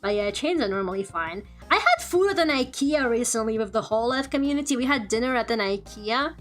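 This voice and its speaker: A woman's voice: a little high, animated, brisk, hardly any pauses, faint music behind. A woman chatting casually on her livestream, laughing often and swearing freely. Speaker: streamer.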